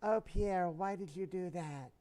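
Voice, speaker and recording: A man voicing a swooning young woman in a joke, raising his voice into a pleading, breathy tone. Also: high-pitched, unhurried, dark tone, voice pushed up.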